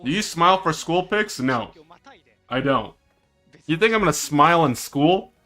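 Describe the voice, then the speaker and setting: A man streaming himself reacting to an esports match, excitable and teasing, with drawn-out dramatic groans. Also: on the high side, soft background music. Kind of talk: casual live-stream reaction commentary.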